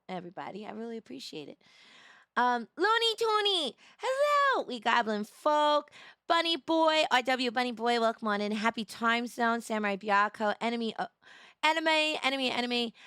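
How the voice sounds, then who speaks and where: A young woman streamer in casual chat, her voice tired and in need of rest, chatty and greeting viewers by name with sudden bursts of excitement. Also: fairly high pitch, moderate pace, clear, resonant tone, dry recording, clean studio sound.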